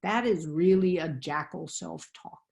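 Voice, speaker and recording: Woman, low voice, gravelly, earnest coaching tone, wellness webinar talk. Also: measured pace, a little mellow. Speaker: wellness presenter. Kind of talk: webinar presentation.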